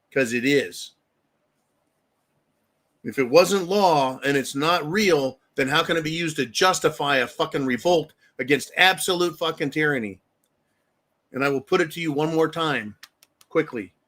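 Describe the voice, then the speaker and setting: A man with a slightly high, fairly bright voice hosts a political commentary show. He rants angrily and with heavy emphasis, swearing often.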